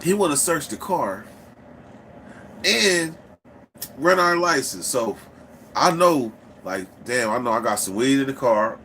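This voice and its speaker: A man's voice: mid-range voice, measured pace, pauses often, slight background noise. A man casually telling a story, swearing freely and acting out the people in it. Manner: profane, animated, acts out quoted people.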